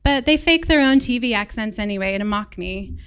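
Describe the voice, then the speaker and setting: Smooth-voiced woman telling a personal story. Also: on the high side, expressive, brisk, fairly bright tone. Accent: American. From England. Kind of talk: personal story read live on stage.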